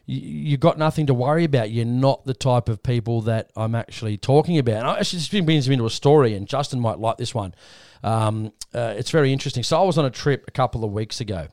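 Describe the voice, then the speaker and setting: In a clean, dry studio recording, an Australian man with a mid-range voice hosts a podcast. He meanders through a story, voicing the lines of the people involved with lots of energy.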